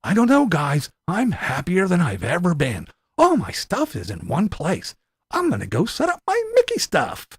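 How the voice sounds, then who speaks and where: A man's voice: sits high, wildly swooping pitch, moderate pace, husky, no room sound, clean studio sound, heavily acted. A man putting on a mocking impression of a whiny, self-pitying male homesteader who talks to his camera in a sing-song voice.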